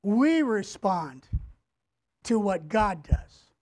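A man's voice: sits high, sing-song, drawn-out words, a little mellow. A male pastor preaching a sermon, emphatic, repeating key words and having the congregation say them back. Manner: addresses the congregation directly.

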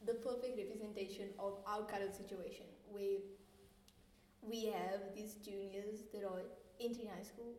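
A woman's voice: medium pitch, a little mellow. A teenage woman, co-hosting a student podcast in a rambling, casual way. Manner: rambling, full of fillers and restarts. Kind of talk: casual discussion. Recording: echoey room, distant mic, faint noise.

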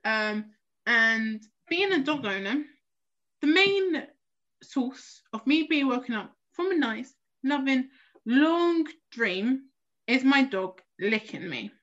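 Chatty high-voiced young Englishwoman. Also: takes it slowly. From South East London. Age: young adult. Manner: chatty, animated storyteller with frequent laughs. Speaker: podcast co-host. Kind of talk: casual chat. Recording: dull lo-fi recording.

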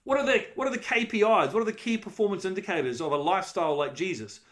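Man, middle-aged pastor, high-pitched voice, emphatic conversational sermon. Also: fast, fairly bright tone. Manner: conversational, emphatic preaching with rhetorical questions.

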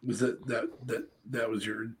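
A man's voice: medium pitch, little pitch movement, moderate pace. A man in a casual chat, making dry, wry remarks.

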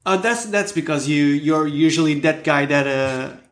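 A man's voice: a little high, normal speed, reverberant. A man co-hosting a casual podcast, making dry teasing quips at his partner. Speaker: podcast co-host.

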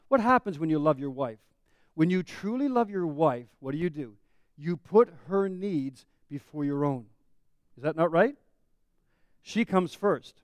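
Guy preaching a sermon, kinda high voice, asks the crowd questions, gets loud then drops real soft. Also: lively intonation, measured pace, no echo. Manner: preaching with rhetorical questions to the congregation; swings between loud emphatic lines and soft low asides. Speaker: pastor.

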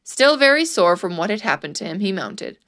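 A woman reading a storybook aloud in a measured, expressive way. Her voice sits at an ordinary middle pitch. Her narration is steady and clear.

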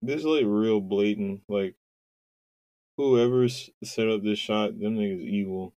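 A man's voice: fairly low pitch, a little slow, a little mellow, no echo. A man co-hosting a podcast in casual chat, blunt, joking and profane. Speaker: podcast co-host.

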